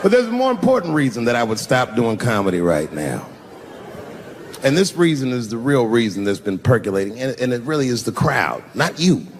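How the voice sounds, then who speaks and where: A man performing a profane stand-up routine on a big stage, shouting his punchlines. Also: medium pitch, very animated, a little fast, a little hiss or hum. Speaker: stand-up comedian. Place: large live venue with audience. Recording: echoey hall, crowd laughter.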